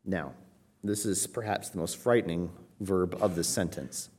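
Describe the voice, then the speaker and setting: A man who is a pastor, preaching a teaching sermon and explaining Greek words, often checking in with a quick "right?". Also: low voice, a little mellow, slightly rough. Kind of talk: expository sermon.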